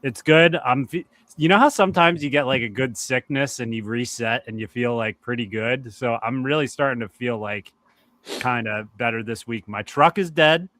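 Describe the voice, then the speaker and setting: Male co-host from Philly, bright forward tone, dry close sound, candid rambling chat. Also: medium pitch, moderate pace, dry recording. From Philadelphia. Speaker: podcast co-host. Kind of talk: casual chat.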